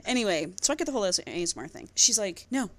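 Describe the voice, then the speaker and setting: A young woman co-hosts a podcast, speaking very fast in a mid-range voice. She casually recaps a book's plot as an animated storyteller, acting out the characters' lines.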